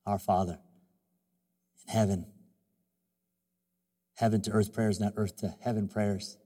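A man preaching a sermon as pastor, moving from quiet, confiding talk to loud call-and-response exhortation. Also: level tone, a little slow, big-room sound. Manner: soft, low, confiding in personal stretches.

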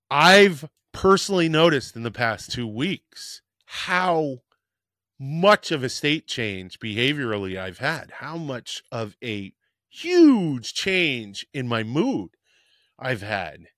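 A man's voice: medium pitch, a bit bright, no echo, studio quality. A man hosting a podcast, telling a personal story in a frank, rambling way and swearing casually. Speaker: podcast host.

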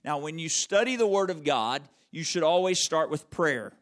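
A man preaching a conversational sermon, checking in with the audience with frequent questions and slowing right down to stress key words. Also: fairly high pitch, animated. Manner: wide swings in loudness and emphasis, drawn-out slow words. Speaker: pastor.

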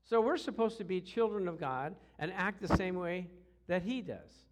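Animated storytelling male preacher. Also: high voice, moderate pace. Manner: animated, acts out quotes with shouts and growls. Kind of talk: storytelling sermon.

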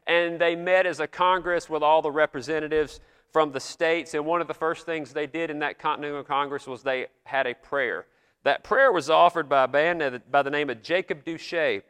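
A man preaching a sermon in a church, slowing down to read old prayers and scripture with dramatic weight. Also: fairly high pitch, a bit bright, smooth, long reverb tail. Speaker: pastor.

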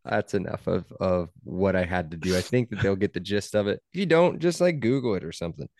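A man's voice: sits low, expressive, fairly quick, a little mellow, dry recording, studio quality. A young man hosting a casual sports podcast, talking in a wry, teasing way. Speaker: podcast host.

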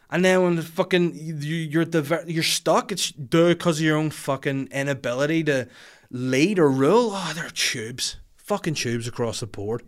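A man with a Northern Irish accent delivering a sweary, exasperated comedic rant as a podcast host, breaking into shouty outbursts. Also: a little high, lively intonation, moderate pace.

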